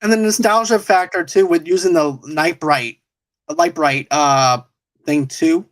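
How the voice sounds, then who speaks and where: A man's voice: fairly high pitch, measured pace, a bit bright. A man hosting a podcast in casual chat, rambling and restarting his sentences with frequent chuckles. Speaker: podcast host.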